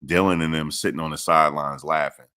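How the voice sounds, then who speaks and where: A man's voice: very deep voice, fairly even intonation, quick pace, bright, forceful tone, clear, resonant tone. A man hosting casual sports commentary, emphatic and repetitive, swearing casually as he makes his points.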